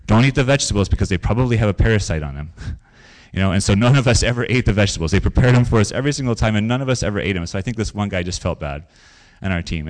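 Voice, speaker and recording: Low-voiced man preaching conversationally. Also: a little mellow. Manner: conversational preaching with stories and repetition. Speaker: pastor. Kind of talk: sermon.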